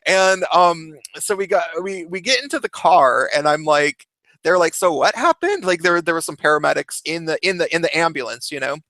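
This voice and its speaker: A young man telling a story in a casual, animated way, laughing often and swearing. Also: fairly high pitch, brisk, no room sound. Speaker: vlogger.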